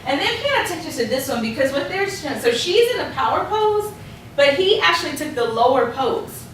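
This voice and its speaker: A woman coaching a workshop audience on public speaking, lively and laughing often as she acts out quotes. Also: high voice, moderate pace, recorded from a distance, slight background noise. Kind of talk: workshop presentation. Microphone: distant room mic. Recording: echoey room recorded from afar.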